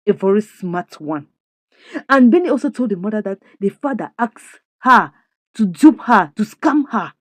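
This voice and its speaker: A woman who recaps a drama series in an expressive, indignant way, full of rhetorical questions. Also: medium pitch, no echo. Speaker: series reviewer. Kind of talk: animated story recap.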